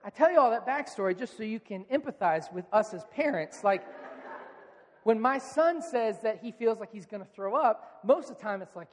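A male pastor in his thirties preaching a sermon in a relaxed, conversational storytelling manner, acting out quoted lines. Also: sits high, moderate pace, long reverb tail.

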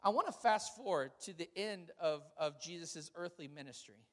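Pastor guy preaching, high voice, funny animated storytelling, long echo like a big hall. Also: moderate pace. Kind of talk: sermon.

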